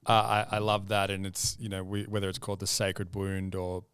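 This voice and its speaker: A man's voice: deep voice, level tone, fairly quick, fairly bright tone, clean tone, dry recording. A man hosting a podcast interview, talking reflectively and laughing between thoughts. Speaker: podcast host. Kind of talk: casual podcast conversation.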